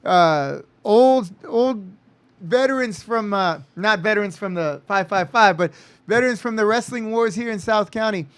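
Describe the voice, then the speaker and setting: A man's voice: sits high, moderate pace, smooth. A man from California, a wrestling promoter, hyping an upcoming card in a rambling, self-correcting announcer patter. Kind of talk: casual promo chat.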